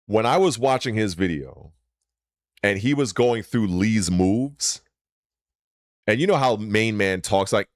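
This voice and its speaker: A man hosting his own channel, delivering a heated, profane rant, swinging between loud emphasis and low muttering. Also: expressive, measured pace, pauses often, no room sound, studio quality. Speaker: channel host.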